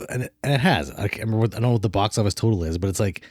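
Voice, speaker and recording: A man giving strong opinions in a casual podcast chat about films. His voice is mellow and dark, and he rambles and restarts his sentences. The sound is dry and close to the mic. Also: on the low side, very fast, hardly any pauses, no echo. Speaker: podcast co-host. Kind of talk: casual film review chat.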